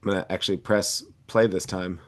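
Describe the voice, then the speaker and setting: A man's voice: low voice, little pitch movement, brisk. A man co-hosting a podcast, rambling casually with lots of filler words. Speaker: podcast co-host.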